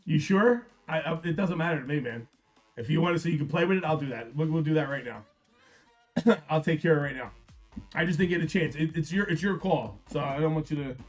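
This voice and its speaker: A man's voice: on the high side, fairly quick, soft background music. A middle-aged man hosting a live stream, talking casually and bluntly, swearing freely, telling stories and chatting with viewers by name. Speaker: live card-break stream host.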